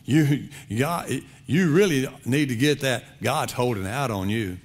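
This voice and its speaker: A man's voice: medium pitch, a little slow, natural voice. A man voicing a sly male demon who coaxes people to turn from God, in a sermon. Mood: coaxing. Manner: coaxing, egging on. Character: sly tempting male demon whispering lies.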